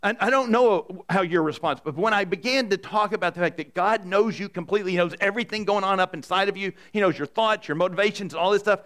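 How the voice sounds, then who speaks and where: Chatty, animated male pastor preaching. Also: high voice, quick pace, hardly any pauses. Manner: conversational, animated, asks the room questions. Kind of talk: sermon. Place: church in front of a congregation.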